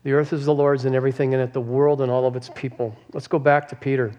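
A man's voice: medium pitch, little pitch movement, fast talker, a little mellow, dull audio. A man with a mid-range voice talks as a pastor on a church podcast. His delivery is reflective and preacherly, and he invites the listeners to agree with him. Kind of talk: podcast sermon talk.

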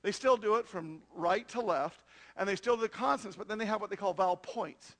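A male pastor with an extremely high-pitched voice and a gravelly, creaky edge. He delivers his sermon to the congregation and keeps checking in with rhetorical questions. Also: a little fast, fairly bright tone.

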